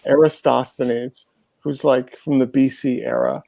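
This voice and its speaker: Man with a dark, gravelly voice, loose and chatty, lots of filler words. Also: mid-range voice, fairly even intonation, a little slow, dry recording. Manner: rambling, many fillers, amused. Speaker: panel guest. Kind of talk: casual group discussion.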